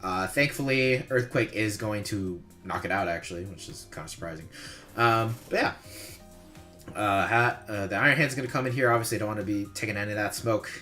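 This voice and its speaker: Male gamer, low and bright-toned, relaxed rambling play-by-play with frequent chuckles and casual swearing, faint music underneath. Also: fairly quick. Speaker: competitive player reviewing his own match replay. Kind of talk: casual gameplay commentary.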